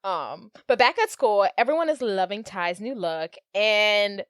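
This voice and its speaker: A young woman co-hosting a podcast, chatting casually about a movie with lively, quick reactions. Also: mid-range voice, clean tone, no echo, clean studio sound. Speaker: podcast co-host. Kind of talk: casual movie recap chat.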